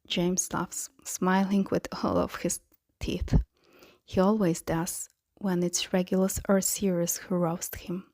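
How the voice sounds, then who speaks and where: Slow, soft-spoken woman narrator. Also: fairly low pitch, vocal fry, dry recording, studio quality. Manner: soft, often dropping to a whisper. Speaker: podfic reader. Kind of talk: audiobook narration of fan fiction.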